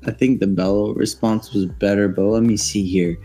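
A man's voice: fairly low pitch, steady tone, moderate pace, warm tone. A man co-hosting a podcast in casual chat, playful and mock-offended. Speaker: podcast co-host.

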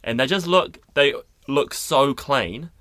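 A young man co-hosting a podcast chats casually in a studio, trading playful, teasing banter. His medium-pitched voice is slow, pushed and bright, with no echo.

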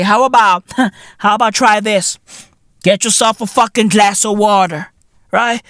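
South african guy ranting, high voice, swears a lot, dry close sound. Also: no room sound. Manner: profane, animated, slangy rant with shouted bursts. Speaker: comedy podcast host. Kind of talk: comedic rant monologue.

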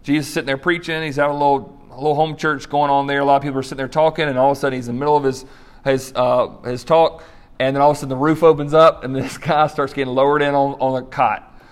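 A man's voice: medium pitch, level tone, quick pace, smooth. A man preaching a sermon, telling stories with acted-out voices and brief laughs. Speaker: pastor.

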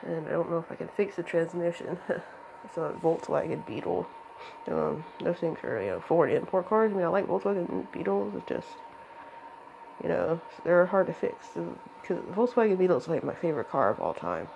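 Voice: mid-range voice, animated, moderate pace, gravelly, darkish tone, a little hiss or hum, low-quality recording. A young adult rambling hesitantly in a casual monologue to camera, with a voice cracking from allergies.

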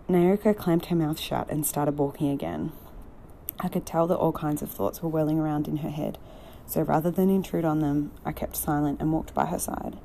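Brief: female audiobook narrator, measured, dark mellow tone. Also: low voice, vocal fry, a little hiss or hum, rough recording. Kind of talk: novel reading.

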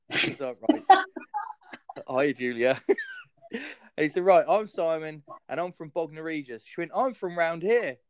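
Brief: male comic host, mid-pitched, crude raconteur doing voices, dry close sound. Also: big pitch swings, slow pace, pauses often, smooth, dry recording. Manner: crude storyteller acting out quotes. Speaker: podcast host and comedian. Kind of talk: casual podcast chat.

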